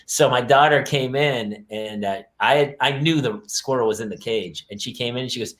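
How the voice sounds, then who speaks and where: A man co-hosting a parenting podcast, telling animated family stories and playing his children's voices. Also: medium pitch, normal speed, hardly any pauses. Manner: animated storyteller, acts out his kids' voices. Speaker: podcast co-host. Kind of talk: casual chat. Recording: roomy echo.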